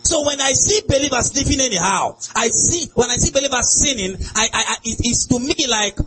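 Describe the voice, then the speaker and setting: A high, lively male voice, delivering a sing-song sermon. He swings from soft, drawn-out phrases to sudden shouts. A faint mains hum sits under the recording. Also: rough recording. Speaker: preacher.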